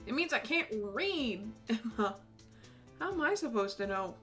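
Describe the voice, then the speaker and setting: A woman's voice: fairly high pitch, big pitch swings, a little slow, soft background music. Giggly young woman streamer. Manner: giggly, playful, mock cowboy yells. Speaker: gaming streamer. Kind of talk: casual let's play commentary.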